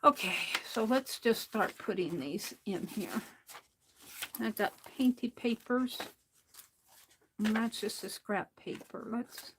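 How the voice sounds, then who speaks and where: A woman's voice: on the high side, slow pace, background noise. A woman chatting casually while she crafts at home, rambling and talking to herself as she works. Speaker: art livestreamer.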